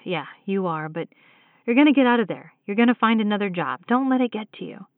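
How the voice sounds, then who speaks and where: A woman's voice: medium pitch, lively intonation, a little fast, no echo, lightly acted. A woman voicing a loving, protective husband speaking over the phone. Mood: soothing. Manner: soothing, protective. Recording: tinny phone line.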